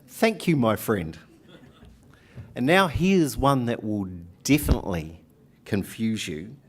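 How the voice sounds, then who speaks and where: A man with a New Zealand accent gives a speech at a conference, joking with the crowd and having them repeat phrases after him. His voice sits at an ordinary middle pitch. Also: big pitch swings, takes it slowly. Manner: jokey, leads the audience in call-and-response. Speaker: union speaker. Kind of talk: conference speech with audience participation. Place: conference hall.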